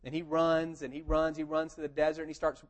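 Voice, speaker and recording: A man preaching a sermon, telling the story in a lively conversational way and asking rhetorical questions. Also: a little high, a little fast. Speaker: pastor. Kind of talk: expository sermon.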